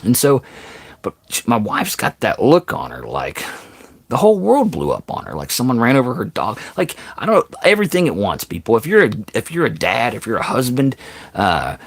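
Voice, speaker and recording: In a casual vlog, a man tells a funny story with animated energy, repeatedly checking with viewers, "okay?", calling them "people," and tossing in exaggerated, self-deprecating asides. His medium-pitched voice is creaky with a breathy edge, at normal speed, with no room sound.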